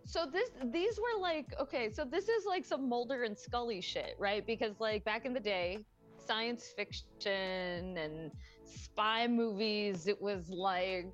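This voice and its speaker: A woman's voice: mid-range voice, slow pace, dull audio, faint music behind. A woman co-hosting a podcast in casual chat. She rambles, uses lots of fillers and swears freely. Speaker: podcast co-host.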